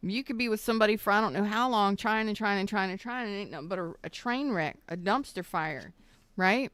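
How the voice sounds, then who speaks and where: A woman reading tarot on a live stream, emotional and choked up, talking slowly and soothingly with halting pauses. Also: medium pitch, fairly bright tone, clear, resonant tone, dry recording. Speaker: tarot reader.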